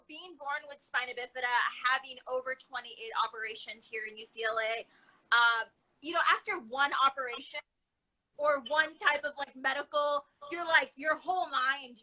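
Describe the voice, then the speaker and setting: Guest: excitable woman athlete, bright, high-leaning voice, rambling energy on a phone call. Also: moderate pace. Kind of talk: casual livestream interview. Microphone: phone on a livestream video call.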